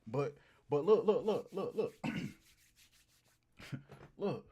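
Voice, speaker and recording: A man livestreaming and riffing comically to his chat, animated and hyped, repeating lines for laughs. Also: on the high side, drawn-out words, pauses often, slightly rough. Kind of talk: casual comedic riffing to a live chat.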